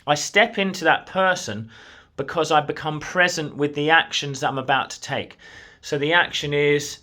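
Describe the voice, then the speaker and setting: Bright-voiced man coaching the viewer. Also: a little high. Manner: earnest, encouraging, speaks straight to the viewer. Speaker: manifestation coach. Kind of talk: motivational talk to camera. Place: at a desk in his own room.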